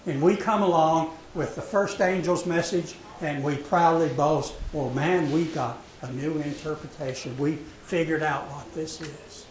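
A man preaching a sermon, dramatic, swinging from loud to hushed when he voices God's words. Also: on the high side, a little slow, hardly any pauses. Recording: echoey hall with faint noise.

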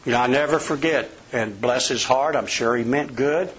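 A man's voice: mid-range voice, normal speed, fairly bright tone. A middle-aged man preaching a sermon, a folksy storyteller who tells personal anecdotes. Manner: folksy storyteller, acts out quoted voices. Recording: slightly dull lo-fi sound.

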